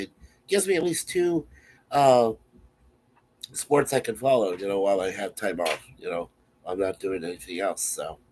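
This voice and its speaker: A man's voice: medium pitch, a little hiss or hum. A man who is sick, coughing now and then, chatting casually and in an easygoing, rambling way to his stream viewers from his webcam.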